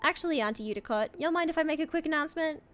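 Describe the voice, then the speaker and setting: A woman's voice: sits high, racing, fairly bright tone, faint music behind, pitched above the performer's own voice. A woman voicing a young female councillor with a put-on Southern US accent, friendly and folksy, reading a game's dialogue.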